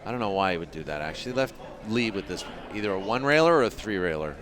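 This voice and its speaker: A man's voice: fairly low pitch, expressive, fast, crowd noise. A man giving casual live play-by-play commentary on a pool match, chatting and joking with his viewers.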